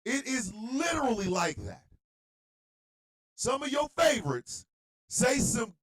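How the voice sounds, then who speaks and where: A man hosting an internet radio show, delivering a blunt, profane monologue rant that swings between low muttering and shouting. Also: lively intonation, slow, pauses often, poor audio.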